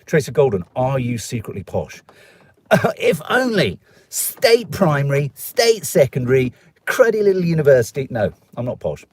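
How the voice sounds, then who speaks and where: Reading viewer comments on a live stream, a middle-aged man from Stoke-on-Trent, England, speaks in a slightly mellow mid-range voice with big pitch swings at a moderate pace. His chat is rambling and jokey, with put-on voices for anyone he quotes.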